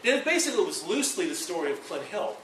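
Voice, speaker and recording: A man giving a university presentation, telling a rambling, animated story full of quoted dialogue. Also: high-pitched, very fast, slight background noise. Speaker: lecturer. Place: university lecture hall. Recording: echoey room from far off.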